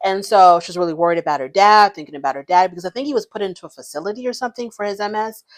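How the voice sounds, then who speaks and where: A woman's voice: mid-range voice, rapid-fire. A woman giving casual, opinionated commentary on a reality show, frank and blunt.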